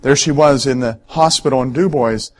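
Man, middle-aged, pastor, sermon, conversational storytelling, mid-pitched voice. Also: moderate pace. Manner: conversational storytelling, addresses listeners directly.

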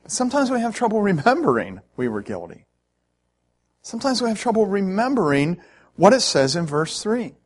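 A man's voice: high-pitched, big pitch swings, moderate pace, breathy edge. A male pastor preaching a sermon in an earnest, emphatic way, with frequent "uh" fillers.

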